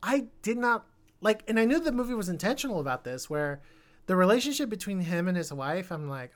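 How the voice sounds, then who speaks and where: A man talking casually through a film review, often stumbling over his words and restarting. Every so often he jumps into a louder, more animated stretch before settling back down. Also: high voice, fairly quick. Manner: rambling, many restarts, animated bursts. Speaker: podcast co-host.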